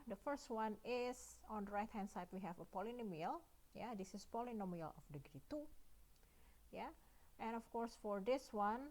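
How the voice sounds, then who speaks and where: A woman with an Indonesian accent and a medium-pitched, darkish voice gives a recorded math lecture. She works through each step and often checks in with "yeah" and "right?".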